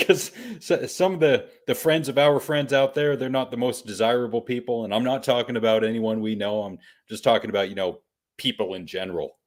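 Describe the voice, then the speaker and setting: A man at an ordinary middle pitch hosts a laid-back podcast. He banters easily and chuckles often as he talks. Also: steady tone, brisk. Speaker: podcast host. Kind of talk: casual chat.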